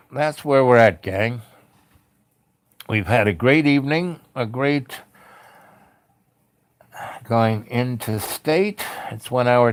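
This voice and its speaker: A man's voice: mid-range voice, no room sound. A man hosting a late-night spiritual livestream, talking in a loose, meandering, heartfelt way with many fillers. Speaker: livestream host. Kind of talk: rambling spiritual livestream talk.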